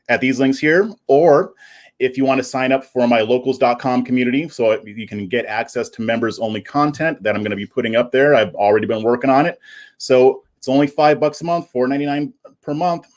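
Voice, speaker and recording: A man hosting a live stream in casual chat, plugging his channel and previewing the topics. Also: mid-range voice. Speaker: livestream host.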